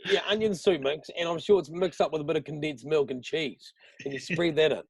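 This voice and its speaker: A man's voice: on the high side, fairly quick, vocal fry, husky, dry recording. Rambling, sweary New Zealand man. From New Zealand, Southland. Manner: swears freely, rambling and animated. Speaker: podcast guest, radio host. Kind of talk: casual chat.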